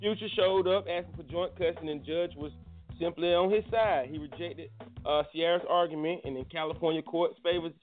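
A man's voice: on the high side, steady tone, brisk, soft background music. A man hosting a casual live morning show, joking and running loosely through the news. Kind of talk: casual live radio chat. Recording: tinny phone-like line.

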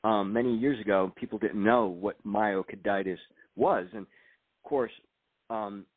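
A man's voice: lowish voice, steady tone, no room sound. An older man, a retired agent and author, speaking reflectively in an interview and reading aloud from his book. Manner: soft-spoken, reflective, halting restarts. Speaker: guest author. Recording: tinny dry phone-like line.

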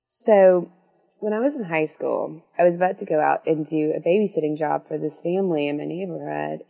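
A woman's voice: sits low, gravelly, mellow. A woman casually telling a spooky story on a podcast, rambling and correcting herself with wry asides.

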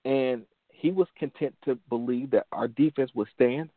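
A man's voice: mid-range voice, normal speed, no echo. A man in his forties, from Detroit, hosting a motivational show and telling a personal story earnestly, repeating phrases for emphasis. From Detroit, USA. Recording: dry phone-line sound.

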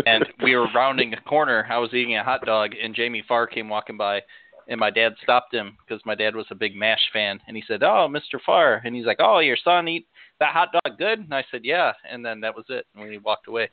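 Male co-host, deadpan anecdote delivery; dry, lo-fi phone-quality recording. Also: fairly low pitch, fairly quick, no room sound. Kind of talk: casual podcast storytelling.

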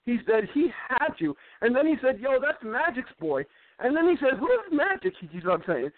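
Man, high voice, rambling storyteller who stammers and repeats words, on a dry, tinny phone-quality line. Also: sing-song, fairly quick, dry recording. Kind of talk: casual chat.

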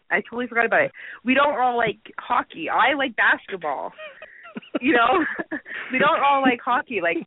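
A woman's voice: fairly high pitch, no room sound. Giggly Canadian woman on a phone line. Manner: giggly, lots of "like" fillers. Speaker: guest. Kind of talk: casual phone interview.

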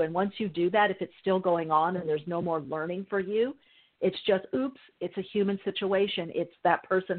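A woman hosting a call-in radio show as a mystic healer, telling stories with animated quoted voices. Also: on the low side. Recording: narrow phone-like sound.

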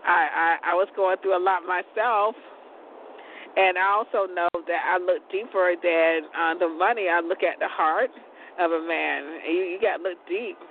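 A woman's voice: on the low side, fairly even intonation, moderate pace. A woman hosting a call-in talk show, chatting frankly in a casual monologue. She stumbles over words, repeats herself and laughs often. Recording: tinny phone line, faint noise.

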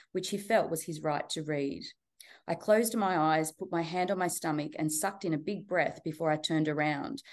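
A middle-aged woman, an author reading from her memoir and answering interview questions in a steady, candid way. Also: deep voice. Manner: steady storytelling, earnest and candid. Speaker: author and guest.

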